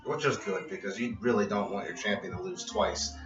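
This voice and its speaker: A man's voice: fairly low pitch, lively intonation, a little fast. A man reviewing a wrestling show in a casual, rambling vlog, wry and freely profane. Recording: echoey, dull, distant with music.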